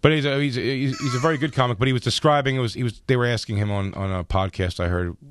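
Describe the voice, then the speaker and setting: A male stand-up comedian telling stories in a casual radio interview, talking in rapid bursts and acting out quotes from other people. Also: mid-range voice, slight background noise. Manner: rapid storytelling with lively acted quotes. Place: radio studio.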